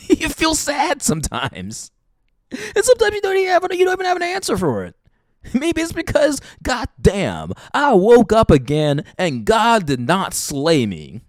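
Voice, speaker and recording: High, lively woman ranting hard. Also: unhurried, no room sound. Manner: heavy swearing, emphatic ranting. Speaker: podcast host. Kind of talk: impassioned monologue.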